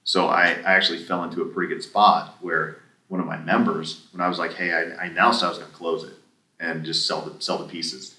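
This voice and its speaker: A man's voice: low voice, level tone, fairly quick, pushed and bright. A man casually telling a long story as a podcast guest, acting out both sides of the conversations he recounts. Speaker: podcast guest, former gym owner. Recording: echoey room, somewhat distant mic.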